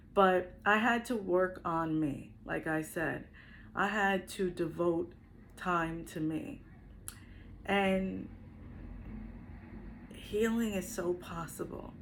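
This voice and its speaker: A woman's voice: lowish voice, a little hiss or hum, rough recording. A middle-aged woman, a spiritual healer, telling her own story to the camera earnestly and reflectively, often repeating her phrases. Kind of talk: personal testimony to camera.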